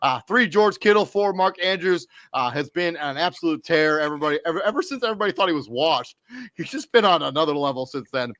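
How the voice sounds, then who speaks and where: On a sports podcast, a male co-host reads out fantasy football rankings loosely and off the cuff, full of fillers and self-corrections. His voice sits on the high side and is expressive, fast and fairly bright, captured dry with clean studio sound.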